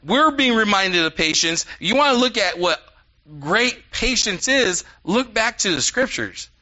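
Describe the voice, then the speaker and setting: A man preaching a sermon in an animated, conversational way, with quick asides to the congregation. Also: high voice. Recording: dull lo-fi sound.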